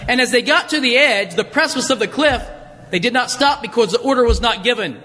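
A man's voice: very high-pitched, a little fast, pushed and bright. A man telling a story to an audience in a conversational way, with frequent restarts, recorded in an echoey hall. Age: adult, worked a job at seventeen years ago. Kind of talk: storytelling illustration in a talk.

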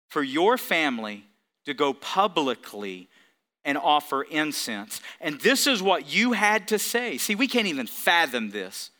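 A man's voice: fairly high pitch, bright, forceful tone. A man preaching a sermon, emphatic, calling out to the congregation for responses. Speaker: pastor.

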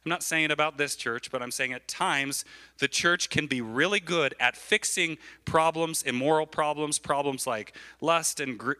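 A man preaching a sermon as a pastor in church, animated and repetitive, often checking in with his listeners. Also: on the high side. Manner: animated, repeats phrases, keeps asking the crowd "right?".

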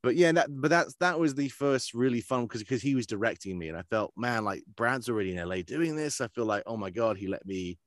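A man who works as a voice actor, chatting casually in an interview and telling animated stories. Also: mid-range voice, a little fast, hardly any pauses, no room sound, clean studio sound. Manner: animated storyteller who slips into character voices. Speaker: voice actor guest.

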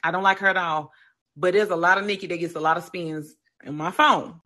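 A podcast co-host with a fairly low voice talks fairly quickly in a casual show. She tells celebrity gossip in an animated way, acting out quotes and swearing heavily.

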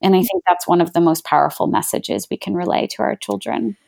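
A woman's voice: on the low side, fairly quick, creaky, darkish tone. Earnest woman coach talking heartfelt. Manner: earnest and heartfelt, many "you know" and "like" fillers. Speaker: parenting coach guest. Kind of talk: reflective podcast conversation.

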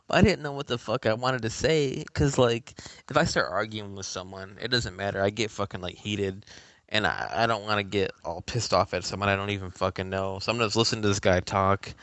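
A lower-voiced man telling a story on a casual podcast. He rambles, swears constantly and breaks into exasperated outbursts. The sound is close and dry. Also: fairly quick, a bit bright, no echo. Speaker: podcast co-host. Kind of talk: casual chat. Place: gaming podcast recording.

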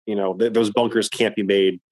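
A man with a lowish voice talks casually, rambling and circling back over his words. The sound is dry and close. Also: level tone, a little fast, a little mellow, no room sound, rough recording. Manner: rambling, repeats words while thinking. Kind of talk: casual chat.

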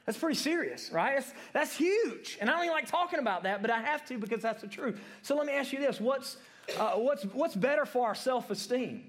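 High-voiced man preaching, chatty and questioning. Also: lively intonation, fairly quick. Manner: asks the room questions, ends points with "right?"; repeats words and restarts often. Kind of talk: conversational sermon to adults.

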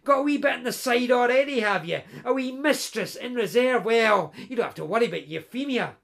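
A man's voice: high voice, moderate pace, fairly bright tone. A man playing a teasing best pal. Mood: sly teasing. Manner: jovial, nudging, chatty. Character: boisterous young male best friend, teasing.

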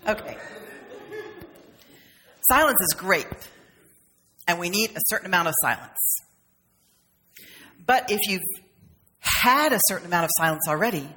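A woman's voice: medium pitch, bright, forceful tone, a little hiss or hum. A woman minister giving a conversational, humorous sermon, with playful acted asides. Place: church sanctuary. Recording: long reverb of a sanctuary.

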